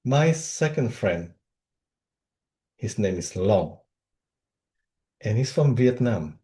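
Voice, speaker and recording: Speaker from Indonesia, lively comic storyteller, slow deliberate pace, animated pitch. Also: male voice. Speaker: club speaker. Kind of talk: humorous speech.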